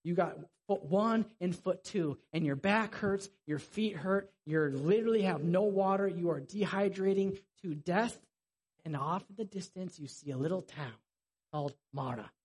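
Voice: mid-range voice, normal speed, darkish tone, slightly rough. A preacher giving a sermon in a conversational, vivid storytelling way.

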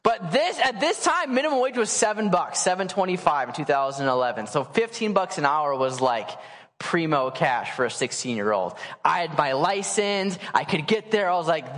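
Animated man telling a sermon story. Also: on the high side, moderate pace. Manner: casual, animated storyteller acting out quotes. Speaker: pastor. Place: church sanctuary. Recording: church hall reverb.

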